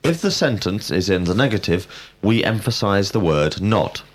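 A man giving a scripted grammar lesson, speaking in a measured, precise way and prompting answers. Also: on the low side, expressive. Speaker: language teacher.

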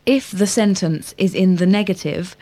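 A woman's voice: mid-range voice, normal speed, warm tone. A woman answering a scripted grammar drill, carefully repeating the full sentences. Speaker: lesson respondent.

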